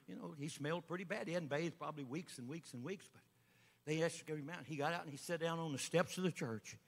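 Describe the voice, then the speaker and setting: A man preaching a sermon as an evangelist, folksy storytelling that builds up to shouting. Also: fairly high pitch, fast, creaky, long reverb tail. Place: church sanctuary.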